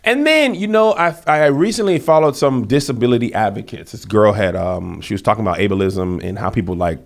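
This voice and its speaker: A man's voice: fairly low pitch, lively intonation, fairly quick, creaky. A man co-hosting a podcast in casual chat, talking things through carefully with frequent restarts. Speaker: podcast co-host.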